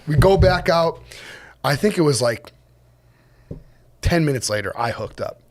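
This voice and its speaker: A man, a fishing captain guest on a podcast, telling a story casually, laughing often and acting out quotes in a higher voice. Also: moderate pace. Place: podcast studio.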